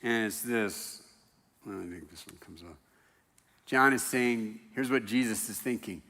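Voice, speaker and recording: A man's voice: fairly low pitch, a little slow, bright, forceful tone, in a large hall. A man preaching a sermon in a church, talking in a loose, conversational way with self-deprecating jokes. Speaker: pastor. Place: church sanctuary.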